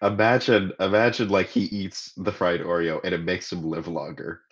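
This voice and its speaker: A man chatting on a casual podcast in a deadpan, mock-solemn way. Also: low voice, normal speed, highs cut off. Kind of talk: casual chat.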